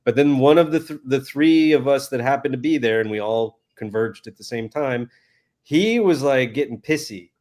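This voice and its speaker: A man's voice: mid-range voice, normal speed, darkish tone. A man in a casual group chat, telling an anecdote in a loose, rambling way with quoted bits. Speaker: podcast co-host.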